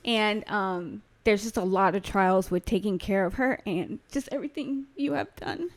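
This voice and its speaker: A woman in her thirties co-hosts a casual podcast chat in a warm, chatty, heartfelt way. Her voice sits at an ordinary middle pitch. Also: measured pace. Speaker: podcast co-host.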